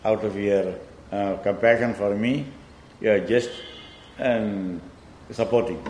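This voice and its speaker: A man patiently explains a classical poem line by line, reciting verse quickly in a sing-song way. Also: lowish voice, a little mellow, reverberant, slight background noise, low-quality recording. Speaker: teacher of classical poetry.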